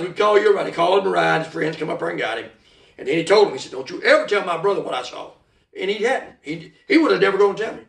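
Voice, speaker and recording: Man, folksy storyteller, high lively voice, gravelly edge, echoey room, heard from a distance. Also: quick pace. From South Carolina. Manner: folksy, animated, acts out voices in quoted speech. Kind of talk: casual oral storytelling.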